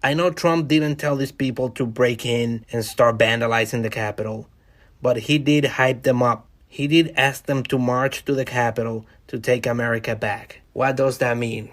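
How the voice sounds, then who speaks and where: A man's voice: mid-range voice, fairly even intonation, moderate pace. A man hosting a solo podcast, talking casually and wryly to his listeners in a conversational monologue. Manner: conversational, wry, addresses listeners directly. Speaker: podcast host.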